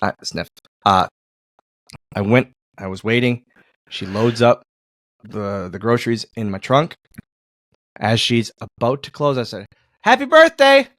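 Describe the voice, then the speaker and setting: A man's voice: fairly low pitch, unhurried, pauses often, fairly bright tone, dry recording, studio quality. A man hosting a podcast in casual chat, telling self-mocking stories and laughing often. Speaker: podcast host.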